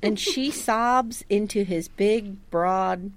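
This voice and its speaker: A woman in her thirties co-hosting a casual chat, animated and sarcastic as she recounts scenes and acts out lines. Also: mid-range voice, slow. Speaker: podcast co-host recapping a TV episode.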